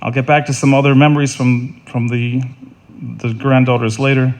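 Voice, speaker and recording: A middle-aged man delivering a funeral eulogy in an earnest, halting way, often repeating words and restarting. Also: mid-range voice, level tone, darkish tone. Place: funeral service.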